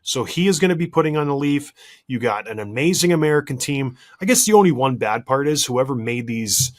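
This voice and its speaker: A man co-hosting a podcast, recounting a story with animated exasperation. His voice sits at an ordinary mid pitch. He rants a little and laughs at his own pettiness. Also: fairly quick. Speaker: podcast co-host. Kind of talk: casual podcast chat.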